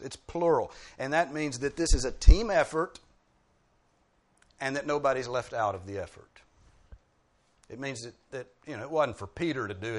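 A man preaching a sermon, explaining points like a teacher and punching key words with dry humorous asides. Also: mid-range voice.

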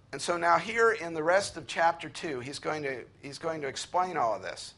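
A man preaching an earnest sermon, slowing down and lifting his voice when he reads scripture aloud. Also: on the high side, lively intonation, a bit bright. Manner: earnest preaching, slows and rises to read scripture. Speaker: pastor.

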